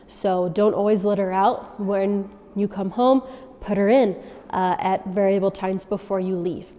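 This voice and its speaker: A woman dog trainer giving instructions to dog owners, often checking in with a quick "okay?". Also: mid-range voice, fairly even intonation, warm tone. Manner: coaching, checks in with frequent "okay?". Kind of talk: instructional demonstration. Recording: long reverb.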